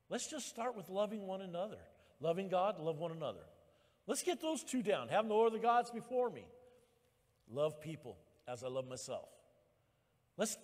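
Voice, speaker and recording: A male pastor preaching a sermon at church, emphatic and rising to loud exhortation. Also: high voice, big-room sound.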